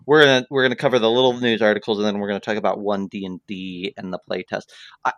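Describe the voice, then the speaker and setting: A man's voice: on the low side, steady tone, quick pace, a bit bright, dry recording, dull audio. A man hosting a casual tabletop-gaming podcast, upbeat and easygoing as he runs the show. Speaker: podcast host.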